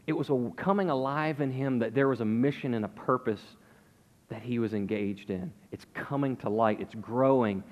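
Pastor preaching in a reverberant hall. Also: male voice, mid-range voice, moderate pace, highs cut off. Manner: conversational, explanatory preaching with casual fillers. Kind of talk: sermon.

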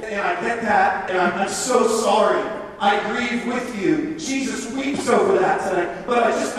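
A man's voice: high-pitched, fairly bright tone, a little hiss or hum. A man giving an earnest, conversational sermon to a youth camp, full of casual fillers. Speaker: camp speaker. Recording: echoey hall, heard from far off.

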